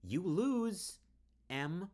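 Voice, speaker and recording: A man voicing a drunk, giggling teenage girl from a text adventure game, with a high sing-song lilt that turns to mockery. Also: expressive, a little fast, vocal fry. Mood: mocking menacing.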